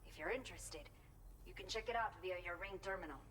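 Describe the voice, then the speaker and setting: A woman's voice: lowish voice, a little fast, a bit bright, slight background noise, natural voice, poor audio. An actress voicing an earnest, grateful young woman in a video game, a reformed former bandit who now looks after elderly villagers. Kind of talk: game cutscene dialogue.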